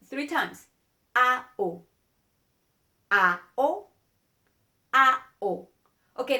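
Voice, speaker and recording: Spanish-accented woman teacher, slightly high voice, unhurried, earnest; casual video lesson. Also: bright, forceful tone. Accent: Spanish-speaking. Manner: earnest, drawn-out demonstrations of vowel sounds.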